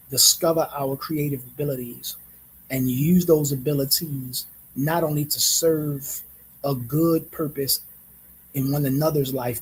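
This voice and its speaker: A man hosting a reflective monologue, speaking in a measured way, repeating phrases and often checking in with "right?". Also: mid-range voice, a little hiss or hum, poor audio. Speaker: host.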